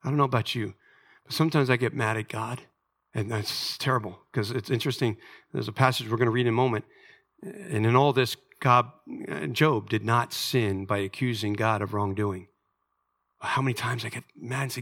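An American man preaches a sermon from a church sanctuary. His voice is bright and forceful at an average pitch for a man. He talks it through, then swells to near-shouts at his emphatic peaks. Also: moderate pace. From United States. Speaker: pastor.

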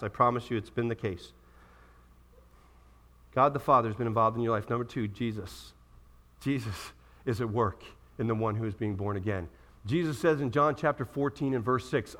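A man preaching a sermon, animated, acting out the voices of people he quotes. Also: medium pitch. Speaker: pastor.

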